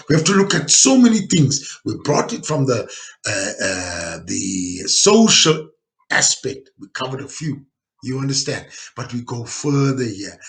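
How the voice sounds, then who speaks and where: A South African man teaching a geography lesson, who explains step by step, repeats points for emphasis and keeps checking that his learners follow. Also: mid-range voice. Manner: explains step by step, with frequent tag questions to check understanding. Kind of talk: recorded classroom lesson.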